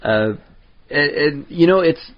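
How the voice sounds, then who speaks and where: Through a muffled recording comes a man with a fairly high, animated voice who speaks slowly. He's a podcast co-host in casual conversation, rambling, laughing frequently, and often starting over.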